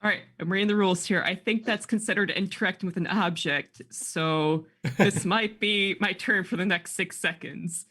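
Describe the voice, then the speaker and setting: A woman's voice: mid-range voice, steady tone, normal speed, a bit bright, breathy edge. A woman playing a tabletop game, chatting in an upbeat, teasing way. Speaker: player. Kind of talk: casual tabletop chat.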